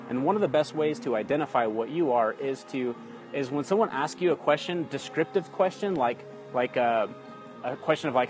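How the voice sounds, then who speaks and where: A man hosting a casual live-streamed lesson from his phone outdoors. He talks in a chatty way, keeps checking in with "okay?" and greets viewers mid-talk. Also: medium pitch. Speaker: livestream host teaching communication basics. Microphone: phone livestream.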